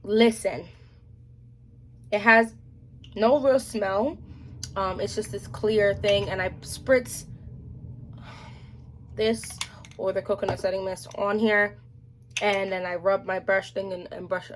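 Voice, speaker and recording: A woman chatting casually on camera about beauty products, animated and slangy, with playful asides to viewers. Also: medium pitch, slow, long pauses, a little hiss or hum. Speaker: beauty vlogger. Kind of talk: casual product review chat.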